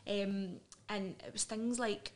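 A middle-aged woman with a Scottish accent speaks openly as a podcast guest. She is earnest and direct, with quick asides and the odd laugh, and her pitch sits in an ordinary middle range. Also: fairly even intonation. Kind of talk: candid personal interview.

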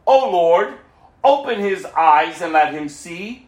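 A man voicing a bold, calm male prophet in a scripture reading, raising his pitch a little for the quotes, in a roomy echo. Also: slow. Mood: pleading.

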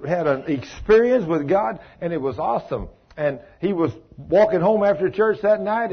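A man teaching an informal Bible study, folksy, asking listeners questions and calling them by name. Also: fairly high pitch. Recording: dull lo-fi recording.

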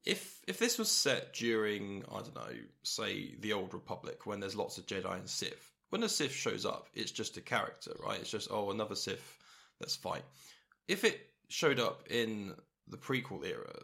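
A man's voice: on the low side, very animated, normal speed, gravelly, few pauses, pushed and bright. A man co-hosting a casual podcast, thinking aloud with hesitant, questioning talk. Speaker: podcast co-host. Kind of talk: casual chat.

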